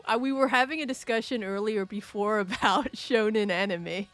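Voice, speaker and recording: A woman's voice: medium pitch, moderate pace, a bit bright, soft background music. A woman streaming live, chatting casually and playfully, rambling, laughing often and answering her chat.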